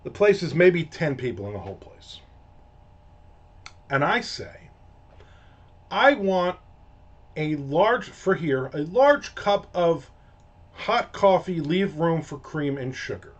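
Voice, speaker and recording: A man with a slightly high, sing-song voice speaks slowly, leaving long pauses. Hosting a casual rant, he tells a story in a profane, exasperated way over dull lo-fi audio.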